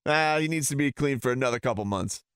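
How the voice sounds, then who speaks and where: A man's voice: mid-range voice, quick pace, a bit bright, clean tone, dry recording, studio quality. A man ranting heatedly and sarcastically as a sports talk host.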